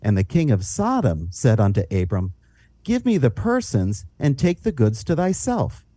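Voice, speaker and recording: Guy reading bible verses, lots of ups and downs, mellow dry sound. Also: mid-range voice, moderate pace, no echo. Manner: reads scripture aloud with lively rises and falls. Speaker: Bible teacher. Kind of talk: scripture reading and teaching.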